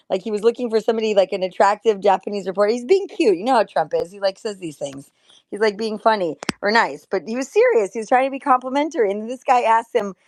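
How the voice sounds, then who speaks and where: A woman hosting a casual political commentary stream, talking in an excitable, emphatic way with frequent exclamations. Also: fairly high pitch, quick pace. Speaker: host.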